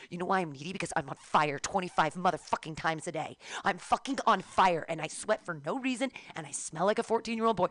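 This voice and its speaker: A middle-aged woman co-hosting a frank, profane chat show, her rants animated and blunt. The sound is dry and close, with no room around her voice. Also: on the low side, fast talker, hardly any pauses, dry recording. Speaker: podcast co-host.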